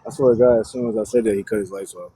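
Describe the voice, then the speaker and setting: A man's voice: on the low side, steady tone, racing, mellow, slight background noise, poor audio. A young man chatting casually and bluntly with his viewers on a livestream, rambling and swearing freely.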